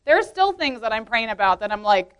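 Speaking at a women's meeting, a youth leader in her late twenties shares her testimony in a casual, earnest, chatty way. Her voice is a little high and sing-song, brisk, clear, and resonant, full of "like" and frequent laughter.

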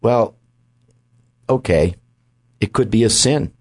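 A man's voice: fairly low pitch, slow pace, darkish tone, no room sound, studio quality. A man hosting a Christian talk show, teaching emphatically from scripture and often repeating words as he goes. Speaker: host.

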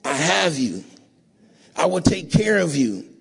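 A man preaching a sermon in a church, emotional and rising to sing-song shouts, often asking the congregation to agree. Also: on the high side, big pitch swings, takes it slowly, creaky, husky. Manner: call-and-response, asks audience to agree.

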